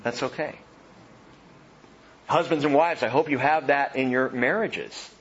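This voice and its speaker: Animated male preacher, dull recording. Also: mid-range voice, unhurried, breathy edge. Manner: animated, swings from loud emphasis to soft hushed tones. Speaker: pastor. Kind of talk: sermon.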